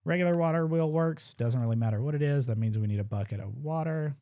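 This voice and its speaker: This young man narrates his own speedrun live, casually thinking aloud and tossing off wry remarks about his mistakes. He talks fast in a voice that leans high and has a dark tone, and the recording is dry.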